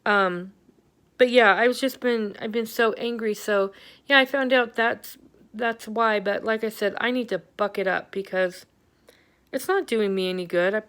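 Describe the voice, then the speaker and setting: A woman's voice: mid-range voice, normal speed, fairly bright tone. A middle-aged woman giving a candid, rambling health update on her vlog, venting with lots of fillers. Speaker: vlogger.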